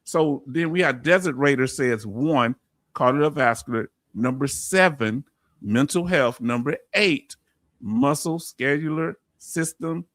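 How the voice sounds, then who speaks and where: A man's voice: medium pitch, expressive, measured pace, a bit bright, no echo. Southern US male host, casual, reads viewer comments aloud, calls people "brother", dry mic. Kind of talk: casual livestream chat.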